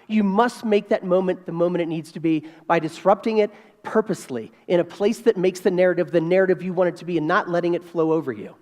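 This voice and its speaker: A man of about fifty giving a keynote speech as an animated storyteller who repeats key phrases for emphasis. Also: high voice. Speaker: keynote speaker. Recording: reverberant hall.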